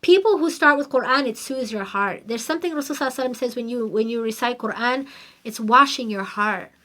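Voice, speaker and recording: A middle-aged woman hosting a podcast, telling a story in an animated, emphatic, conversational way. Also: fairly high pitch, fast. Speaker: podcast host. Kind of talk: casual storytelling monologue.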